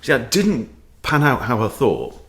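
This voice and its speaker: A man's voice: medium pitch, wildly swooping pitch, measured pace. A man, a chess coach, commenting on his own game as he plays, thinking aloud and tossing in playful quips.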